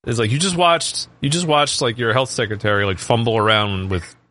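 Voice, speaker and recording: A man's voice: mid-range voice, a little fast, bright, forceful tone. A man co-hosting a podcast in casual chat, mocking what he watches with sarcastic remarks. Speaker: podcast co-host.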